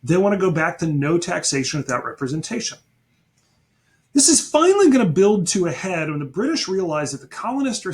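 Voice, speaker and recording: A male teacher giving a history lesson in a lively, storytelling way. His voice sits a little high and rises and falls widely as he talks. He turns to the class with quick asides.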